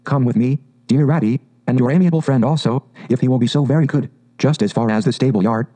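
A man voicing a boastful, excitable male toad who talks in a grand, gushing way. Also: mid-range voice, quick pace, natural voice. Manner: pompous, gushing, exclamatory.

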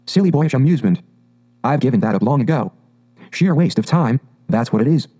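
A man voicing a boastful, excitable male toad who talks in a grand, gushing way. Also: mid-range voice, fairly quick, close to an everyday voice. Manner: pompous, gushing, exclamatory.

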